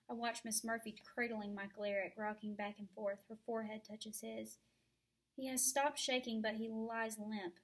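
A woman teacher reading a novel aloud to her students from home, expressive and dramatic, into a computer mic. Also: medium pitch. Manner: animated, dramatic storytelling. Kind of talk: expressive first-person read-aloud.

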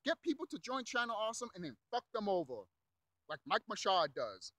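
A man's voice: high voice, sing-song, brisk, pushed and bright, no echo, poor audio. A young man delivering a heated, profane rant, repeating himself and mocking others in put-on voices. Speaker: YouTube commentator. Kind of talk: angry rant.

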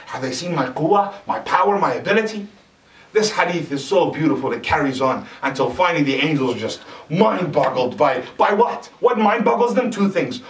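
A male lecturer preaches in a mosque with lively energy, turning often to quiz the crowd. His voice sits a little high for a man. It comes from some way off the microphone, ringing in a roomy, echoing hall. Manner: animated, asks the audience questions. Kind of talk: sermon. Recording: echoey hall, distant mic.

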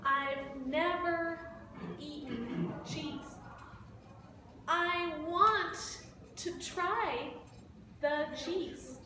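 A big, sad male elephant from a storybook begs in a high, drawn-out voice, as a woman puts him on. Every word is slow and stretched, and the sound rings around an echoey room from a little distance off the mic. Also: noisy background. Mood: pleading. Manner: slow pleading, drawn-out words.

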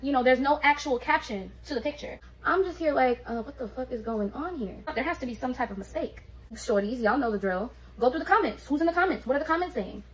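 A woman, telling a story on her vlog in an animated, profane, streetwise way. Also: sits high, fast talker, poor audio. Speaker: beauty vlogger.

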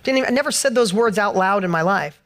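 A man on stage at an event, delivering a motivational speech with a notably high voice. He tells a personal story with passion, climbing in pitch and force as he hammers home each point. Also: expressive, fast, a bit bright. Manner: passionate personal storytelling, rising to emphatic peaks. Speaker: motivational speaker. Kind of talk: motivational speech to a live audience.

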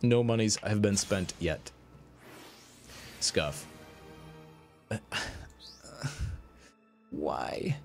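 A man streaming a mobile game, commentating his card pulls, swinging between excited hype and deflated mumbling. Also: lowish voice, very slow, creaky, pauses often, soft background music.

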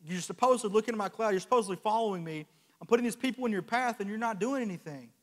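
A preacher voicing God, stern and rebuking. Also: male voice, high voice, quick pace, big-room sound, pitched above the performer's own voice, close to an everyday voice. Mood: stern rebuke. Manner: reproachful, insistent repetition.

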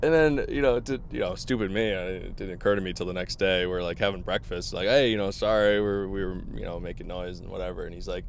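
A man from Massachusetts appears as a podcast guest, telling casual stories, laughing often and quoting people in animated asides. His low voice is fast with vocal fry and hardly any pauses, over slight background noise.

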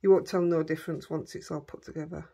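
A woman with a broad Yorkshire accent and a fairly low, breathy, husky tone. She chats in a relaxed, homely way while she works on a craft project, muttering asides to herself and her dogs. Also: quick pace. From Yorkshire, England. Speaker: craft vlogger. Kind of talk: casual crafting chat.

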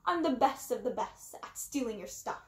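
A scheming male mouse thief from a storybook, gloating in a low, breathy hush, as a woman reader puts him on. The voice still swoops up and down while he taunts. It sits in a roomy, echoing space. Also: animated, normal speed, lightly acted. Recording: roomy echo.

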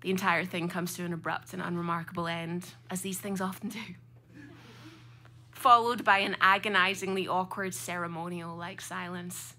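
A woman's voice: lowish voice, level tone, moderate pace, pushed and bright. A Scottish woman around thirty performing a personal story live on a club stage, with a vivid, comic, dramatic delivery. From Scotland.

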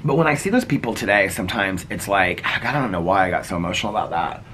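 Bright-voiced chatty middle-aged man. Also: deep voice, expressive, quick pace, a little hiss or hum. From Indiana. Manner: chatty, earnest, heavy use of "like". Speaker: vlogger. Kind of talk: casual personal storytelling.

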